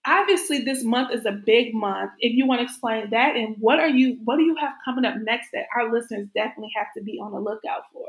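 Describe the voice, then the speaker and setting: A young adult woman hosting a casual interview, chatty and animated, laughing often. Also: a little high, fast, few pauses. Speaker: podcast host. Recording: echoey room.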